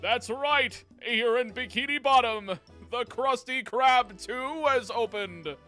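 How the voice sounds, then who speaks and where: A man putting on a booming, showy cartoon TV announcer voice, with slow, grand delivery. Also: bright, forceful tone, faint music behind, full character voice. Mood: showy, hyped.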